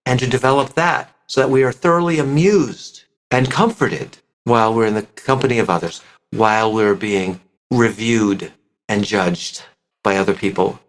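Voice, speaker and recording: A man speaking as a voice coach guest on a podcast interview, explaining expressively with frequent pitch shifts and breaking into quick demonstration voices. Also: slight background noise.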